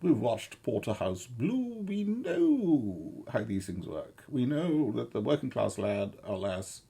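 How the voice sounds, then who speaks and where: A middle-aged man giving rambling, sardonic commentary, halting often with fillers and restarts. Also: medium pitch, very animated, gravelly, warm tone, slightly rough.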